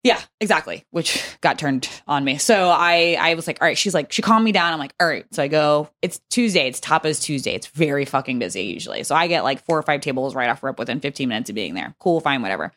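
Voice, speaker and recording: Woman, young adult, podcast guest, casual storytelling, lots of fillers and swearing, rapid pace, lowish voice. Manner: animated, profane storytelling with many fillers.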